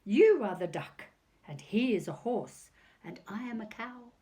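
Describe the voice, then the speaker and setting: A woman's voice: medium pitch, very animated, unhurried, mellow. A woman voicing a cross, superior cow in a picture book, scolding as she speaks. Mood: scornful.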